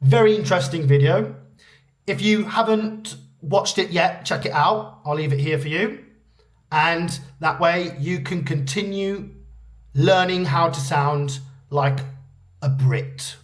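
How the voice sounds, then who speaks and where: Man, British accent, English teacher, slightly high voice, clear deliberate delivery. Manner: clear, deliberate, repeats example phrases. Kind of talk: scripted lesson to camera.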